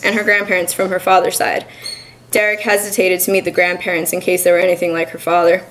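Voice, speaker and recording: Young woman reading her story, even and measured. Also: mid-range voice, low-quality recording. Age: young adult. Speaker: student reading her fiction. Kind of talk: literary reading. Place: college reading event.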